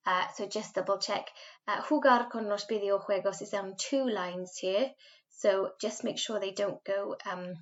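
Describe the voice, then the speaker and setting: A patient Welsh woman teaches Spanish in a recorded remote lesson, modelling words slowly for repetition. Her voice is medium-pitched, and the highs are cut off.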